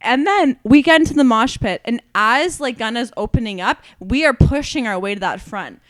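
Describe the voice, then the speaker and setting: A woman's voice: a little high, normal speed, no echo. A young woman co-hosting a podcast, telling a wild story in casual chat, swearing and laughing as she goes. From Canada. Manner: animated, swearing, laughing through her story. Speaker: podcast co-host.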